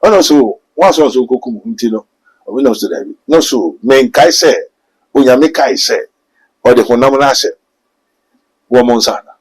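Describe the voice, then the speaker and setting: A man's voice: medium pitch, normal speed, pauses often, a little mellow, rough recording. A man preaching emphatically in a sermon, mixing two languages and rising to a raised voice. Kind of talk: sermon in a talk show.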